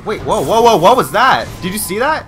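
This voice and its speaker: Young male gaming host: high, bright, bouncy, excitable live play-by-play. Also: fairly quick, soft background music. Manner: excitable, yelps and repeated cries of no. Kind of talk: live gameplay commentary.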